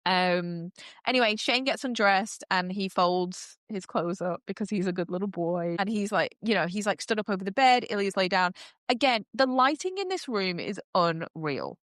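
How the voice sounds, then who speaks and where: Gushing woman, smooth voice. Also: mid-range voice, lively intonation, normal speed, fairly bright tone, no room sound, studio quality. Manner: gushing, full of "like" and "um" fillers. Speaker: podcast host. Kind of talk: casual recap chat.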